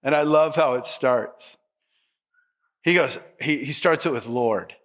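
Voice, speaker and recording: A man's voice: mid-range voice, a little slow, a bit bright. A middle-aged man preaching a sermon as pastor, conversational and humorous, with asides to the congregation.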